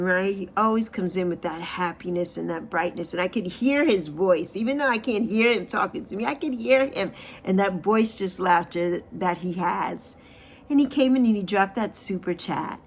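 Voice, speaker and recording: An expressive woman in her sixties gives an uplifting tarot reading on her livestream. Her voice sits at a middle pitch and swings up and down and louder and softer as she repeats key phrases slowly. A faint noise runs under the recording. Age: 60s. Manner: repeats phrases, drawn-out affirmations. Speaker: spiritual livestream host.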